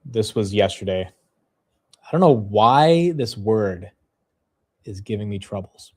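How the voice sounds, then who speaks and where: A man's voice: on the low side, lively intonation. A young man hosting a live stock market stream, chatting casually and laughing at himself. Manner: self-deprecating, quick-shifting, laughs at himself.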